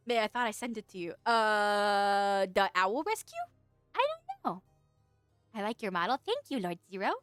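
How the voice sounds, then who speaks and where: A woman's voice: medium pitch, lively intonation, measured pace, long pauses, a bit bright, clear, resonant tone, no echo. A young woman streaming, chatting casually with viewers, reading out their messages and laughing often in a playful, giggly way. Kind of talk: casual livestream chat, reading out chat. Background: faint background music.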